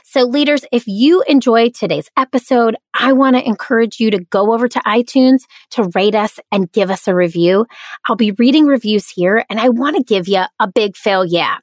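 A woman's voice: fairly high pitch, normal speed. A woman with a nasal twang and a Southern and Midwestern American accent, hosting her own podcast in an upbeat, playful way. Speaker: podcast host. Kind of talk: podcast host monologue.

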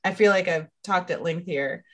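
A woman talking at length in a casual panel discussion, telling stories in an animated way. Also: on the low side, moderate pace. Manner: talkative, animated storyteller, laughs often. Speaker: podcast panelist.

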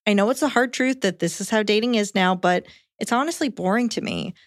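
A woman co-hosting a podcast, reading a listener's letter aloud in a calm, even way. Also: medium pitch, a little fast, dry recording, clean studio sound. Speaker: podcast co-host.

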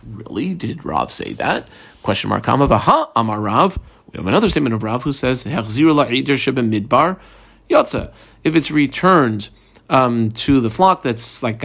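A man with a gravelly edge to his mid-pitched voice teaches in an easygoing way, drifting into side remarks and restarting his sentences. He walks listeners through the page, telling them what to underline and mark. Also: fairly bright tone. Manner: conversational, tangents, frequent ums and restarts. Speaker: Talmud teacher. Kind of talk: casual daily page class.

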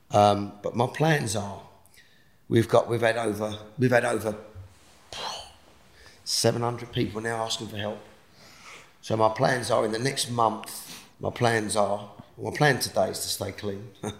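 A man speaking as a podcast guest, earnest and forceful as he talks about helping others. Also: fairly low pitch, gravelly. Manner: earnest, forceful motivational talk. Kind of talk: casual interview chat. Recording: roomy echo.

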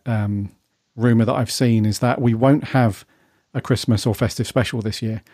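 A man with a mellow, relaxed tone talks through rumours in an easy, rambling podcast chat. His voice is recorded close and dry, with no room sound. He keeps checking in with his co-host. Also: medium pitch, normal speed, no echo. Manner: chatty, rambling, asks his co-host's view. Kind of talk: casual fan podcast chat.

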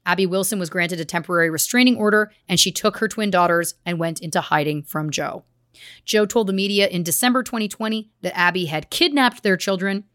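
A woman's voice: on the low side, brisk, fairly bright tone, no room sound, studio quality. A woman co-hosting a true crime podcast, reading case details with earnest, grave emphasis. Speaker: podcast co-host.

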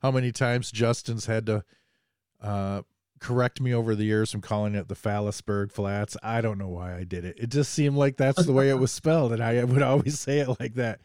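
A man's voice: medium pitch, steady tone, normal speed, a little mellow, clean tone, no room sound, clean studio sound. A man hosting a casual podcast, joking and rambling as he talks, a bit under the weather. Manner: joking, rambling, self-deprecating. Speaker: podcast host.

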